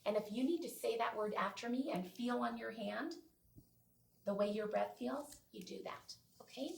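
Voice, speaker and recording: Gravelly-voiced woman teaching phonics from afar. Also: mid-range voice. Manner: patient, encouraging, clearly modeling sounds. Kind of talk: small-group phonics lesson. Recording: distant mic with faint noise.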